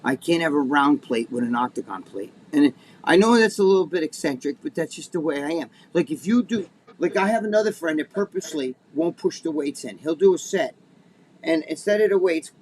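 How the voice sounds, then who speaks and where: Middle-aged male co-host, slightly raised pitch, swears freely and rambles through gym stories over faint noise. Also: brisk, a little mellow. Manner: rambling, profane storytelling with many restarts. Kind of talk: casual podcast chat.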